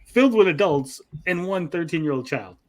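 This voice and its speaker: A man's voice: fairly high pitch, lively intonation, moderate pace, a little mellow. Profane man retelling anime scenes. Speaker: podcast host. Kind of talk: casual chat.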